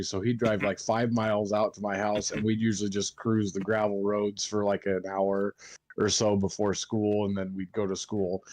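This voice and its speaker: Young male co-host, lowish voice, dry close sound, rambling profane storyteller. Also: a little mellow, no echo. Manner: rambling, heavy swearing, acts out quotes. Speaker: podcast co-host. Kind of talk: casual storytelling chat.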